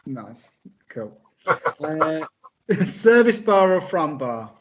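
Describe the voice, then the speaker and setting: A man's voice: fairly high pitch, big pitch swings, extremely slow, noisy background. A man hosting an interview, asking questions eagerly with lots of fillers and laughter. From United Kingdom. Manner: enthusiastic, laughs a lot, filler-heavy questions. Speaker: interviewer, host. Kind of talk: casual interview. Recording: dull lo-fi audio.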